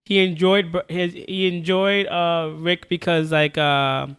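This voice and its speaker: A man co-hosting a casual film review chat, rambling and halting with lots of filler words and casual swearing. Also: high-pitched, little pitch movement, a bit bright, smooth. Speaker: podcast co-host.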